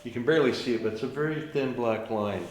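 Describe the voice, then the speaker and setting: A man, a painter, talking about his work in an unhurried storytelling way, with trailing fillers. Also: mid-range voice, slight background noise. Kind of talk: reflective studio talk. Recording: echoey room with soft music.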